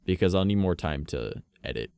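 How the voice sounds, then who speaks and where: A man chats loosely with his stream audience, drifting from idea to idea and swearing freely. His voice sits low and gravelly, yet it swings widely in pitch. The sound is dry and close, with no room echo. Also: lively intonation, a little fast, a little mellow. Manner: rambling, sprinkled with swearing and laughs. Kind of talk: casual chat to stream viewers.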